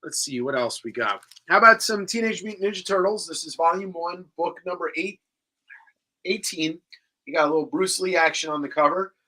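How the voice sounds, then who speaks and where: A man with a bright, pushy tone and a voice set a bit high hosts a live comic book sale. He jokes between listings and reads titles and prices off quickly. It is loose, casual stream banter. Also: low-quality recording. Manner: joking, rattles off comic listings.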